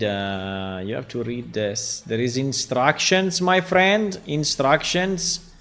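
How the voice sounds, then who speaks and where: Italian guy live coding his game, slow easygoing talk, keeps going "right?", bit of music behind. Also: mid-range voice. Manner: thinks aloud, keeps asking "right?". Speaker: game developer streaming. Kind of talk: casual live coding stream.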